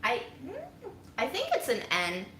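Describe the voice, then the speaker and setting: A woman's voice: fairly high pitch, huge pitch swings, a little slow, sharp tone, echoey room, a little hiss or hum. A woman vlogging in her home kitchen, chatting casually and rambling with self-mocking humor to her viewers. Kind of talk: casual chat to a livestream audience.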